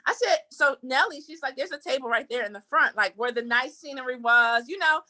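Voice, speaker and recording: Podcast host, young woman, high and bright, animated storyteller who acts out quotes. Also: a little fast. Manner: animated, quotes people in put-on voices. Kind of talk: casual storytelling chat.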